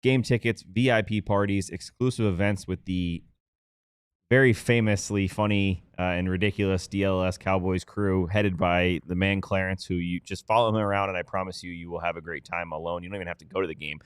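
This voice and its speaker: Casting note: low-voiced male podcast co-host, joking ad read, clean dry mic. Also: fairly even intonation, a little fast, smooth, dry recording. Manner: loose, joking promo delivery. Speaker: podcast co-host reading ads. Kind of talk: casual podcast chat and ad read.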